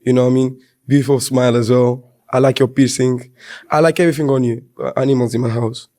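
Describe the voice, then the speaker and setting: Mellow-voiced man, halting speech. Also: mid-range voice, fairly even intonation. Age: 30s. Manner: halting, simple phrasing. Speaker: dating show contestant.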